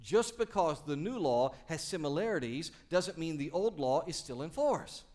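A male pastor delivers a sermon, lively and conversational, and draws call-and-response from the congregation. His voice is fairly high for a man. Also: moderate pace. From Texas.

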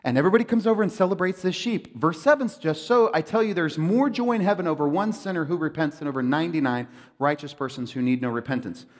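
Male pastor, high lively voice, jokey sermon delivery, long church-hall reverb. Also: fast. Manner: animated, joking, acts out quoted voices.

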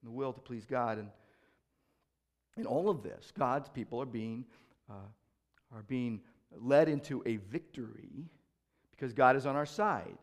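This pastor delivers his sermon in an unhurried mid-range voice with long pauses. He alternates loud proclamations with quieter reflective asides, repeating key phrases and asking rhetorical questions.

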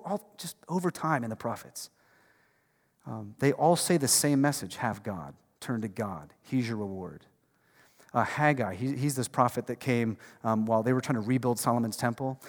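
A man preaching a sermon as pastor, conversational and emphatic, dropping from loud bursts to hushed lines. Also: on the high side. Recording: long reverb of a large hall.

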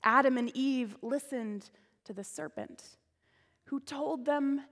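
Woman pastor, expressive storyteller; higher, gravelly voice in a reverberant sanctuary. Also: slow. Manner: expressive storyteller, varied volume. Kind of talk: storytelling sermon. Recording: long church reverb.

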